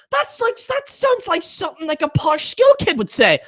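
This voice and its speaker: A man with a high-pitched voice hosts a live stream, ranting in exasperated disbelief. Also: wildly swooping pitch, normal speed, hardly any pauses, a bit bright. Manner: exasperated and incredulous.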